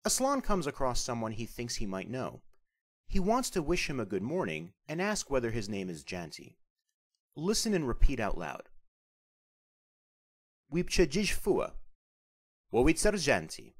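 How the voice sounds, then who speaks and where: Male language instructor, scripted lesson narration, animated rising-and-falling delivery, careful articulation. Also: mid-range voice. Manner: careful, deliberate, spells out sounds slowly.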